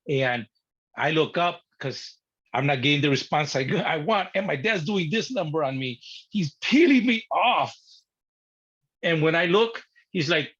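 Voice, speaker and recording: A man telling a personal story in an interview, animated and blunt, acting out his younger self and swearing at times. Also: mid-range voice. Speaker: guest. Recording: dull lo-fi sound.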